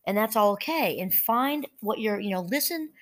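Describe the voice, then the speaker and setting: A woman talks through mindfulness ideas in a relaxed, conversational way, breaking off for small asides and picking her thread back up. Her voice sits at an ordinary middle pitch, and she reads quoted passages in a steady tone. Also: moderate pace. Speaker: podcast host. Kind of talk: casual solo talk on mindfulness. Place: home.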